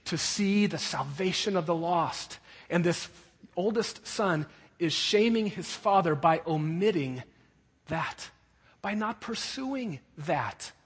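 A male preacher with a high, slightly husky voice, driving his points home by repeating short phrases. His voice rings through a church hall with a long reverb tail. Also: animated, slow pace. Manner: emphatic, repeats key phrases. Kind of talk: sermon.

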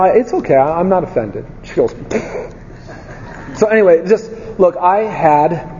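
A man's voice: fairly high pitch, dark tone, slight background noise. Man, preacher, conversational sermon, candid stories, rhetorical questions, dull lo-fi recording, long reverb.

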